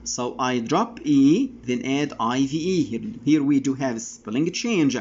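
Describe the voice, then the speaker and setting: A male English teacher giving a classroom vocabulary lesson, speaking deliberately and spelling letters out one by one. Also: mid-range voice, expressive, a little mellow, lo-fi sound, a little hiss or hum.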